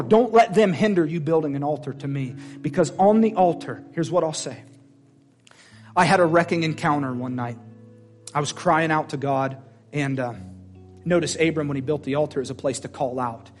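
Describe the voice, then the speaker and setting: Country guy preaching, slightly high voice, gets loud then drops to a hush, soft music under him. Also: normal speed. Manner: swings from loud emphatic declarations to quiet intimate prayer; folksy, plain-spoken. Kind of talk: sermon. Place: church service.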